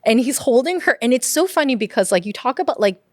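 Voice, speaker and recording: Animated woman telling funny stories. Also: a little high, fast, no echo, clean studio sound. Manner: animated, laughs often, mimics her parents' voices; heavy use of "like" as filler. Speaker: podcast guest, puppeteer. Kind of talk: casual conversational storytelling.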